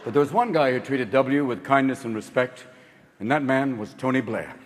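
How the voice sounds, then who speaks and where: A male stand-up comedian performing a manic, rapid-fire, profane set that keeps jumping into voices, on stage in a large theater. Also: medium pitch, slight background noise. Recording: echoey hall with loud audience.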